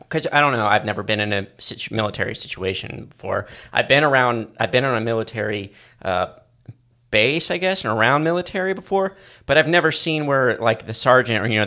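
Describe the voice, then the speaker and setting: A man's voice: mid-range voice, bright, forceful tone. A man co-hosting a casual podcast, reacting to his partner and rambling through his thoughts. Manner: reactive listener, musing and rambling. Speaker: podcast co-host. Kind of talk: casual chat.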